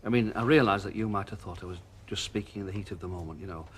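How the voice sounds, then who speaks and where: An actor playing an older shopkeeper in a TV soap, blustering one moment and tender the next. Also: male voice, deep voice, very fast, a little hiss or hum, close to an everyday voice. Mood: earnest. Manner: blustering then tender, with northern turns of phrase. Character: older male shopkeeper, bluff and soft-hearted. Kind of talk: TV soap drama.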